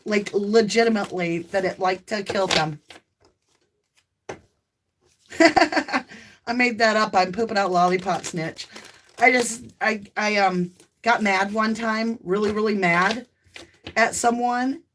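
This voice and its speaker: Southern lady doing a live tarot stream, chatty, laughs a lot, whoops loud, little bit of hiss. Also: medium pitch, fairly even intonation, measured pace. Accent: light Southern US. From American South. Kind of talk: casual live-stream chat.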